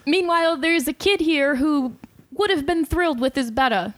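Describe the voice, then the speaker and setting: A woman with a slightly higher voice, co-hosting a relaxed podcast conversation. She chimes in with wry, joking comments. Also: normal speed, no echo. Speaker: podcast co-host. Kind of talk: casual podcast chat.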